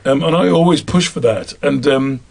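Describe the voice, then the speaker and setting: This voice actor speaks with the Black Country accent of the English Midlands, chatting through interview answers about his job and laughing easily at his own expense. He sounds a little high and creaky, with a darkish tone at normal speed.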